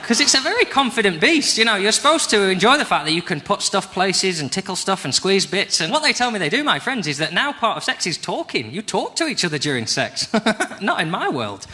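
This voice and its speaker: A man in his thirties with a Northern English accent, doing a self-deprecating stand-up routine with wry, quick asides. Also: sits high, very animated, sharp tone. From England. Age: 30s. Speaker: stand-up comedian. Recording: noisy live stage recording. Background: audience laughter.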